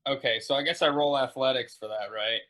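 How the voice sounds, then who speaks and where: Bright-toned guy playing tabletop, casual and jokey. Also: medium pitch, a little fast. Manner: casual, joking. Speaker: player. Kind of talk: casual chat at a tabletop game.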